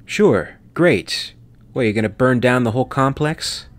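A man's voice: on the low side, steady tone, normal speed, no echo, natural voice. A man reading an audiobook voices a cynical, short-tempered male pilot who turns sarcastic and raises his voice. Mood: angry sarcastic.

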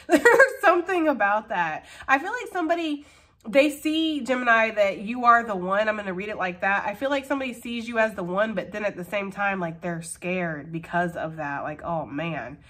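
A woman's voice: mid-range voice, expressive, moderate pace, a bit bright. A woman giving a casual tarot reading, chatty and frank, laughing often and swearing freely. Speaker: tarot reader.

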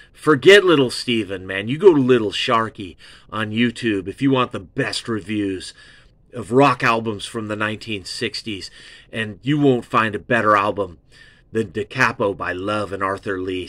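A man hosting an album review show, gushing and excitable, repeating himself and swearing freely. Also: lowish voice, no echo. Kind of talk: rambling casual album review.

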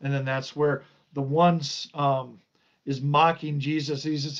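A man's voice: fairly high pitch, little pitch movement, a little slow, highs cut off. A man teaching an informal Bible study, reading and explaining scripture, stressing and drawing out key words.

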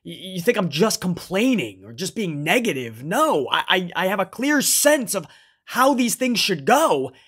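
A man's voice: high voice, big pitch swings, unhurried, a bit bright, husky. A man recapping a wrestling show in casual commentary, swearing freely, tagging phrases with "man" and calling himself by name in the third person.

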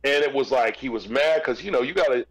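A man in an interview, casually telling a long story with relaxed restarts. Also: mid-range voice, quick pace, husky, no room sound, low-quality recording. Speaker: interview guest, former record label executive.

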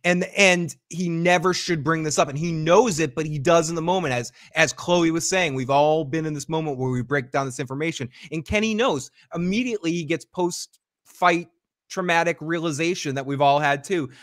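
A man's voice: a little high, moderate pace, a bit bright, dry recording, clean studio sound. A man co-hosting an after show, chatting casually and animatedly about an episode, acting out the characters' lines with many restarts. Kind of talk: casual recap chat.

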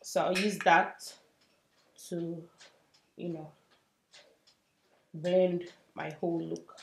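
A young woman doing a casual makeup tutorial, chatty and self-mocking, dropping to soft murmurs as she works. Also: on the low side, flat delivery, drawn-out words, gravelly. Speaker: beauty vlogger. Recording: roomy echo, faint hiss.

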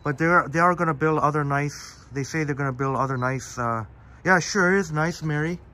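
Walking in a park, a man livestreams from his phone and chats casually, calling out viewers by name as he reads their comments aloud. His fairly high voice is bright and forceful. He speaks at a normal speed.

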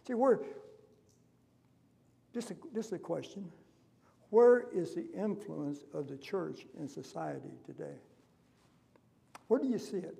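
A male pastor delivers an impassioned sermon in a church. His voice is somewhat high yet dark and mellow, with a gravelly fry, and he drives each point home with pointed questions. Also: expressive, a little slow, pauses often. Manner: impassioned preaching with rhetorical questions. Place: church sanctuary.

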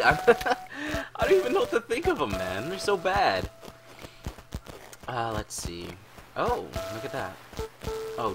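Male let's-play host, playful rambling, animated delivery, game music under. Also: mid-range voice. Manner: rambling, playful, swears and laughs often. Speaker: gaming channel host. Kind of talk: casual let's-play commentary. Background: video game music.

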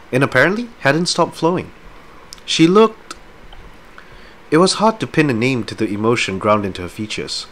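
A man on a live stream, chatting casually with viewers and reading a book aloud. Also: medium pitch. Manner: casual, rambling, with fillers; lively when reading. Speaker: streamer and reader.

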